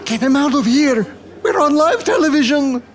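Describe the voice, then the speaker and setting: Casting: a man doing a slow, high, swooping TV host, showy and flustered. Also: big pitch swings, exaggerated voice. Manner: showy announcer, flustered laughing. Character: frantic male telethon host.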